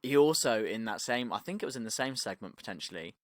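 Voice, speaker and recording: Young male podcaster, lively storyteller, dry close mic. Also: lowish voice, fast talker, dry recording. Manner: animated storytelling, acting out quotes, swearing, many "like" fillers. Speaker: podcast co-host. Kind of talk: casual podcast chat.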